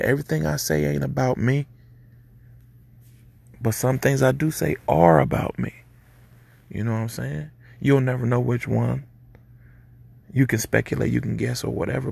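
Male podcast host, gravelly and husky, easygoing preachy delivery. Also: medium pitch, a little mellow. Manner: laid-back, preachy, street slang. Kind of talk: casual advice monologue.

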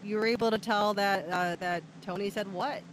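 A woman's voice: mid-range voice, fairly even intonation, brisk, a little hiss or hum. A woman hosting a mock true-crime podcast, chatty, with stumbling phrasing and frequent giggles. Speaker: host.

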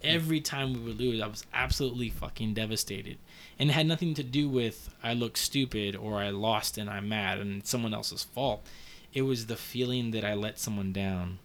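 A man's voice: fairly low pitch, moderate pace, fairly bright tone. A man in his thirties talking in a casual, heartfelt, rambling way, with lots of fillers and some swearing. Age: 30s. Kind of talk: casual conversation.

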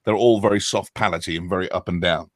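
Low-voiced British actor, chatty. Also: male voice, fairly even intonation, fast talker, dry recording, clean studio sound. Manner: chatty, explanatory, self-deprecating with frequent ums. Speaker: actor and former acting coach. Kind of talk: interview answers.

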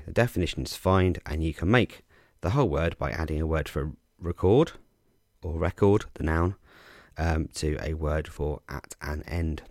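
A man casually explaining crossword clues as a podcast host, relaxed and chatty with frequent ums and restarts. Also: rumbling low, no room sound, studio quality.

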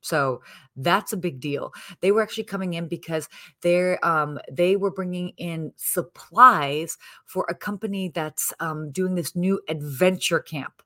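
A woman speaking quietly from a hotel early in the morning, giving a chatty hospitality news segment with plenty of fillers. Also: fairly low pitch, unhurried. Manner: hushed, softly spoken. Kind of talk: casual news segment, then chat.

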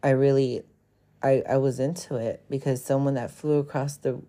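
Gravelly-voiced young man telling stories frankly. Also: mid-range voice, fairly even intonation, normal speed, warm tone. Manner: frank, profane, rambling with many fillers. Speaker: podcast host. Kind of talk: casual confessional storytelling.

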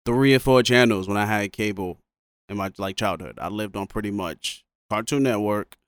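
A man's voice: lowish voice, normal speed, smooth, dry recording, studio quality. A young man chatting casually as a podcast co-host, laid-back and slangy, swearing now and then. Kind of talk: casual chat.

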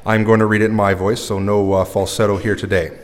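A man's voice: on the low side, level tone, fast talker, in a large hall. A male priest preaching a sermon in a conversational, self-deprecating way, recorded in a church.

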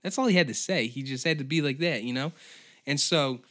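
A man's voice: medium pitch, fairly quick, fairly bright tone. Profane, rambling male podcast host. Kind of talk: solo comedic rant.

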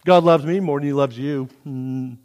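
A man preaching a folksy sermon to his congregation, swinging from hushed asides to loud, lively exhortation. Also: medium pitch, moderate pace, in a large hall. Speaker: pastor. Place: church sanctuary.

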